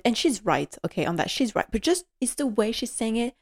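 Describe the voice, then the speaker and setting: A woman's voice: on the high side, sing-song, a little fast, no echo, clean studio sound. Chatty woman recapping a drama series. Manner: chatty, laughs often, restarts sentences. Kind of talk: casual recap chat.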